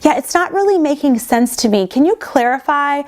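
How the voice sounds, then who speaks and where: A woman doing a high, airy, quizzical dodger. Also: animated, normal speed. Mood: feigned confusion. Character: woman feigning confusion to dodge.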